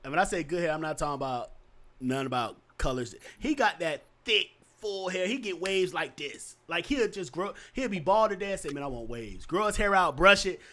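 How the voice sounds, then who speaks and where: A man talking in a relaxed podcast chat, telling stories and swinging between an excited high voice and a deep, low one. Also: moderate pace. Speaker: podcast co-host. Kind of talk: casual chat.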